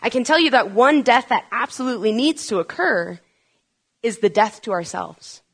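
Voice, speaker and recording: A woman's voice: a little high, animated, normal speed, slightly rough. A woman preaching a sermon, asking rhetorical questions and building to urgent, emphatic peaks.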